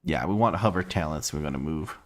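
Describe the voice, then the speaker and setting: A man's voice: rumbling low, a little fast. A man streaming a game, chatting casually and playfully, thinking aloud and laughing often. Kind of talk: casual live-stream chat while gaming. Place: home room.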